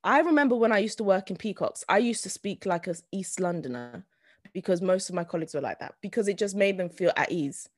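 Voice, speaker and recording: A woman in casual podcast chat, chatty and giggly with quick asides. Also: mid-range voice, animated, no echo, studio quality.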